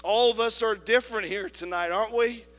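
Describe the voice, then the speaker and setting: A man preaching a sermon in a church, telling a story with quoted voices and swinging between loud appeals and soft asides. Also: high voice, brisk, long reverb tail. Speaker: pastor. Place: church sanctuary.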